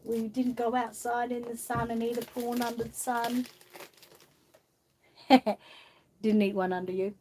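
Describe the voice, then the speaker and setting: A woman's voice: a little high, little pitch movement, measured pace, long pauses, warm tone, slight background noise. Chatty Australian woman hosting a live stream. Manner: chatty, coaxing a doll in a fond sing-song voice; reads viewer comments aloud, laughs often. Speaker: vlog host. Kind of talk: casual live-stream chat.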